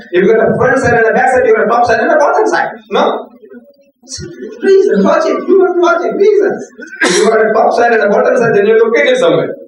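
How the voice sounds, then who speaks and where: Older man preaching in an echoey hall. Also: recorded from a distance. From South Africa. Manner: animated, rhetorical, shouting at the high points. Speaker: lecturer on religion. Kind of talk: public lecture to an audience.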